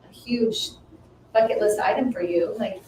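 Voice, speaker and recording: A woman in her fifties tells a personal story in relaxed conversation, mid-range in pitch. She brings the story to life by acting out the voices in it. The sound is roomy and a little distant, with a faint hiss behind her. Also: normal speed. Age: 50s. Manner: animated, acts out quoted dialogue with rising pitch. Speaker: guest. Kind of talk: storytelling in casual chat. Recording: echoey room, mic at a distance, faint noise.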